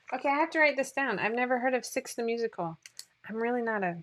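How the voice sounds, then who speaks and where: Chatty woman with a bright voice. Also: fairly high pitch, brisk. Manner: chatty, rambling, laughs at herself. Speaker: sewing pattern designer hosting a livestream. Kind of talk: casual livestream chat reading viewer comments.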